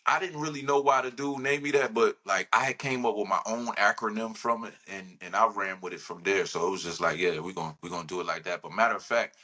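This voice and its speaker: Laid-back rapper, bright voice. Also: male voice, fairly low pitch. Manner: laid-back, rambling, says "you know what I'm saying" often. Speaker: podcast guest, rapper. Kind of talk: casual podcast interview.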